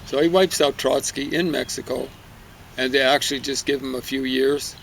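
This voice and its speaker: A man's voice: medium pitch, steady tone, normal speed, vocal fry, a bit bright, slight background noise, poor audio. A man giving a casual, rambling book review outdoors in a garden, musing aloud with many fillers and asides.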